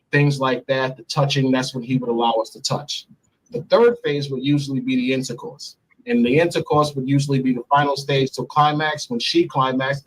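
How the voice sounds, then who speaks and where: A man's voice: mid-range voice, low-quality recording. A man as an interview guest, bluntly and profanely telling a personal story. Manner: blunt and profane, speaks freely.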